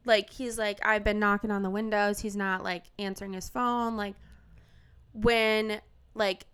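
A young woman in casual chat, telling a story with animated acted-out quotes. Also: medium pitch, unhurried, clean tone.

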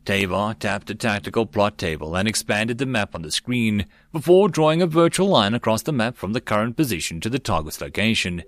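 A man's voice: lowish voice, animated, a little fast, hardly any pauses, no echo. Man narrating an audiobook, dry close sound. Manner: reads all parts himself, lifting his voice for quoted lines. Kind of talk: amateur web novel audiobook reading.

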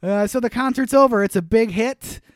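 A man's voice: extremely high pitch, moderate pace, dry recording, clean studio sound. A young man with a Minnesota accent, casually recapping a movie on a podcast and laughing often. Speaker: podcast co-host.

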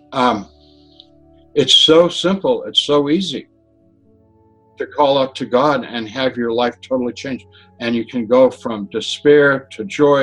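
A man's voice: medium pitch, poor audio. A man telling a personal story with lots of back-and-forth dialogue, restarting his sentences as he goes. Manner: animated retelling with dialogue and restarts. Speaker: interviewee telling a near-death story.

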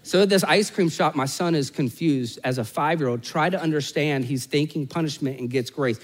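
Male pastor, forties, sermon storytelling, fairly high voice, joking asides, loud peaks and hushed lows. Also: normal speed, big-room sound.

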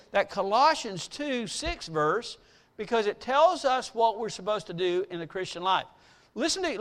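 A man preaching as pastor, teaching his class through their notes with emphatic call-and-response questions and slow readings of scripture. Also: extremely high pitch, a bit bright. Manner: emphatic call-and-response, slowing to read verses aloud. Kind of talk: sermon with fill-in notes.

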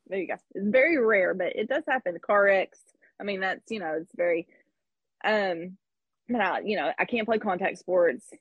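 A husky-voiced woman in her thirties shares her story in an open, reflective way, laughing lightly between thoughts. The recording is dry and slightly dull. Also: mid-range voice, moderate pace, dry recording. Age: 30s. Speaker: guest. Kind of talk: personal story in conversation.

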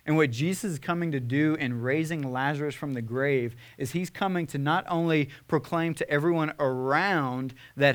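A young man preaching a sermon as a pastor, conversational with fillers, swinging from impassioned emphasis to hushed tenderness. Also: a little high, moderate pace, few pauses. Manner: earnest, rising to impassioned emphasis then hushed.

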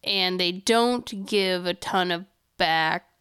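A woman co-hosting a casual podcast, playful and quick to react, with a self-deprecating humor. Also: lowish voice, fairly bright tone, clean tone, dry recording, studio quality. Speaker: podcast co-host. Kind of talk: casual chat.

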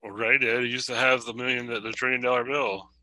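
Bright-voiced man with short dry replies. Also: mid-range voice, little pitch movement, fast talker, no room sound, low-quality recording. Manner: brief, dry agreeing replies. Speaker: podcast co-host. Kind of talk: casual chat.

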